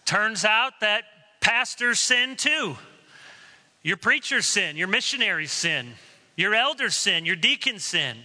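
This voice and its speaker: A male pastor preaches with a strikingly bright, forceful tone and a fairly high voice. He is earnest and slips into stories as he goes. The sound carries the long reverb of a church sanctuary. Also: big pitch swings, slow pace. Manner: earnest preaching, storytelling asides. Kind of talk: sermon.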